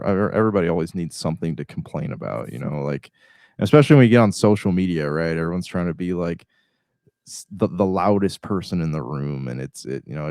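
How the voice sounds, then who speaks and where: A man's voice: extremely low pitch, creaky, a little mellow, dry recording, clean studio sound. A young man co-hosting a casual podcast over a call, agreeable and loose, peppering his talk with "like" and "man.". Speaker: podcast co-host. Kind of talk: casual chat. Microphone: remote call mic.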